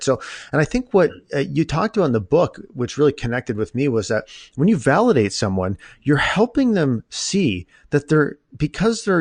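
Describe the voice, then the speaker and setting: A man hosting his own podcast, chatting informally with jokes and lively asides. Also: mid-range voice, no echo. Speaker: podcast host. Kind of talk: casual interview chat.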